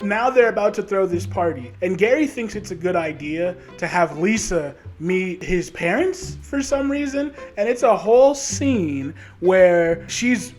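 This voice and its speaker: A man casually recapping a movie with a co-host, joking and slipping into quick impressions. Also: sits high, lively intonation, a little mellow, soft background music.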